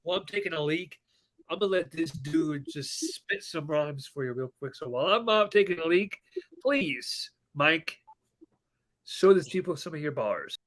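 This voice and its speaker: A man's voice: a little high, animated, moderate pace, a bit bright, slight background noise. A man hosting a casual podcast, talking loosely and jokingly to viewers. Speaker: podcast host. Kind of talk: casual chat.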